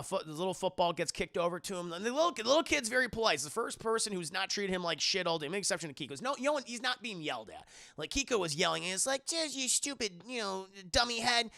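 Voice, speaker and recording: A man giving profane, animated live-stream commentary to his chat. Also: a little high, creaky. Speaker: streamer, show reviewer.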